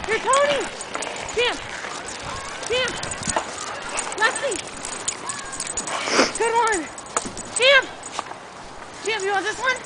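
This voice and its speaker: A woman outdoors on the ice, calling to her dogs in excited baby talk with high squeals and laughter. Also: extremely slow, pauses often, far from the mic, heavy background noise. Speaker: dog owner playing with her dogs. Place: outdoors on a frozen pond in snow.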